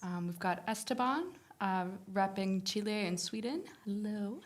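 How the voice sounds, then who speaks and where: A woman's voice: medium pitch, unhurried. A woman co-hosting a live-stream painting class, chatty and reading out viewers' comments. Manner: chatty, laughs often.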